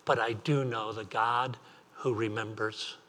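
A man's voice: on the low side, fairly even intonation, a little slow, fairly bright tone. A man preaching an earnest sermon as pastor, repeating phrases and asking rising questions.

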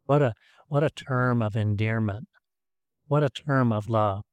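Male pastor, sermon delivery, earnest with repetitions, mid pitch, dry close recording. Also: unhurried, smooth, dry recording. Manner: earnest, repeats words, swings between emphatic and soft.

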